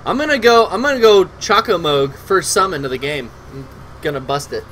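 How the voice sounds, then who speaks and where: A man's voice: fairly high pitch, lively intonation, fairly quick, a bit bright, a little hiss or hum, poor audio. A man streaming a video game, chatting casually and profanely with a caller and his chat. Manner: loose, profane, talks to chat while playing.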